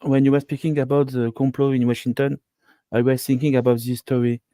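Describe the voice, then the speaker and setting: Male caller, mellow dry voice, careful earnest storytelling. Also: medium pitch, flat delivery, brisk, no echo. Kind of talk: casual storytelling. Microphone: video call.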